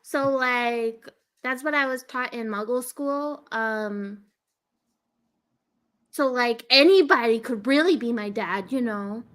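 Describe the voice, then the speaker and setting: A woman's voice: a little high, takes it slowly, fairly bright tone. A woman playing a tabletop role-playing game, talking in a bubbly, rambling way full of fillers. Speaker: player.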